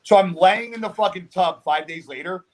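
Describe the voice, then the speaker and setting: A man recounts a story in loose, casual podcast talk. His voice sits a little high, and he rambles, swears constantly and stays animated throughout. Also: moderate pace. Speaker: podcast guest.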